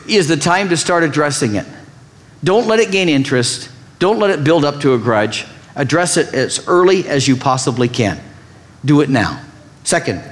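A middle-aged man preaching a sermon, acting out quoted lines as he teaches from the pulpit. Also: fairly high pitch. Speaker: pastor.

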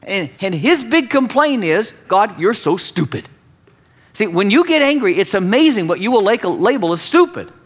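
A man preaching a sermon, reading scripture and then teaching with animated, mocking paraphrases. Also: sits high, normal speed, hardly any pauses. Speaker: pastor.

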